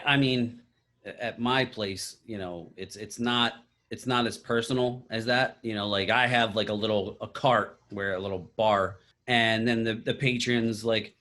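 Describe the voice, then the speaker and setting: A man hosting a casual podcast, laid-back and halting, with casual swearing. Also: medium pitch, fairly bright tone. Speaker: podcast host.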